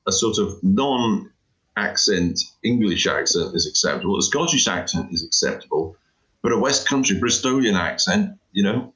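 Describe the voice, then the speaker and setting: Speaking about his job in a casual interview, a middle-aged man rambles emphatically and keeps dropping "you know." His voice is low with a bit of brightness, captured on a rough recording.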